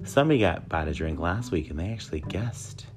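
A man's voice: sits low, animated, brisk, music in the background. A man in his thirties with a nasal voice, hosting a casual solo podcast in a joking, rambling way that often mocks himself. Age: 30s. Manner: joking, rambling, self-mocking. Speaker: podcast host.

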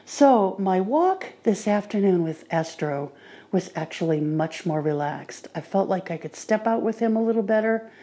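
A woman talking on her own podcast in a casual monologue, calmly recounting her day. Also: medium pitch. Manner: relaxed diary-like recounting. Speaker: podcaster training with a guide dog.

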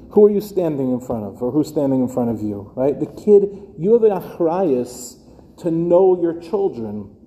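Middle-aged rabbi lecturing in a hall. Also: male voice, a little high, dark tone. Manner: conversational, addresses listeners directly with rhetorical questions. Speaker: rabbi teaching educators. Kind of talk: lecture to a live class.

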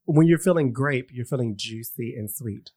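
A man's voice: mid-range voice, moderate pace, a little mellow. A man co-hosting a casual chat, teasing and giggling often. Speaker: podcast co-host. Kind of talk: casual banter.

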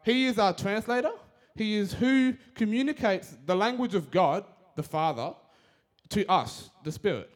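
A young man giving a casual, energetic sermon, talking fast with slang. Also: sits high.

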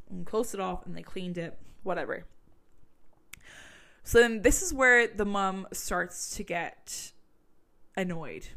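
A woman casually retelling a true crime case, chatty and full of fillers, swearing when she gets worked up. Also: mid-range voice.

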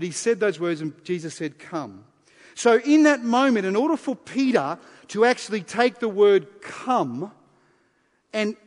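High-voiced preacher in a reverberant hall. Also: male voice. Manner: emphatic, repeats key phrases, shifts between loud and soft. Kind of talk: sermon. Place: church service. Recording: long reverb of a large hall.

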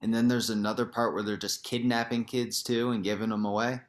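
A young man with a lowish voice in a loose podcast conversation. He rambles, leans on fillers and keeps laughing through his own points. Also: little pitch movement, fairly quick. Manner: rambling, laughs while talking, frequent fillers. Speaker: podcast co-host. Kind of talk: casual chat.

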